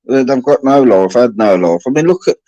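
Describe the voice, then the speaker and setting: A man hosting a livestream chat, rambling and halting with restarts. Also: mid-range voice, expressive, dark tone, no echo, muffled recording. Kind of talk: casual chat.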